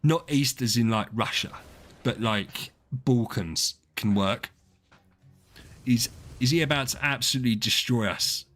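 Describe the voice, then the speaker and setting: A man's voice: mid-range voice, a little slow, a bit bright. A man, chatting casually with viewers on a game stream, rambling and swearing as he answers them. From southeast England.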